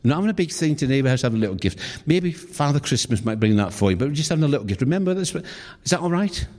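Calm coaxing mum talking to her kid, british preacher doing her, hall echo. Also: medium pitch, fast talker, close to an everyday voice. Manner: soothing, coaxing. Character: patient mother gently calming her small daughter.

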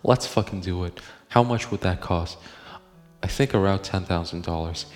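A man's voice: deep voice, moderate pace, in a large hall, soft background music. A man hosting a casual podcast from home, rambling and joking with lots of profanity and laughter. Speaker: podcast host. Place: home room.

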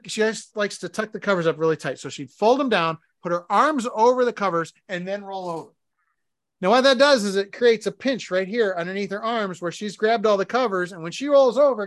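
A married man co-hosting a podcast, chatting casually and telling animated stories where he acts out domestic arguments. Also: high-pitched, dry recording, clean studio sound. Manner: animated storytelling, acting out arguments. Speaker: podcast co-host. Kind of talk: casual chat.

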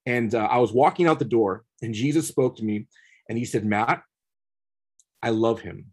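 Husky and mid-range, this man's voice moves briskly as he tells a personal story as a podcast guest. The conversation is casual; he speaks earnestly, frequently repeats his words, and rises to passionate peaks.

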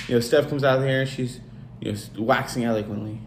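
A man's voice: steady tone, fast. A man co-hosting a casual comedy podcast that recaps wrestling, mocking and joking as he goes. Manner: mocking, jumps to a high shrill voice when quoting people. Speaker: podcast co-host. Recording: echoey room with faint noise.

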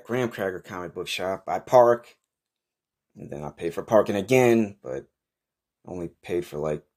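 A man's voice: deep voice, darkish tone. A man hosting a podcast, telling a rambling story in a blunt, profane, casual way. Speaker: podcast host.

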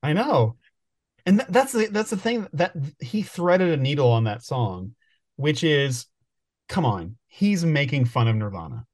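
A man's voice: on the high side, very animated, measured pace. A man co-hosting a podcast, chatting casually with frequent laughs and restarts. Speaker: podcast co-host. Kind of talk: casual chat.

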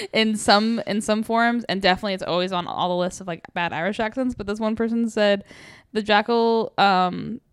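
Woman, podcast co-host, wry banter, smooth clear tone, dry sound. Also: medium pitch, fairly even intonation, normal speed, dry recording. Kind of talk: casual movie recap chat.

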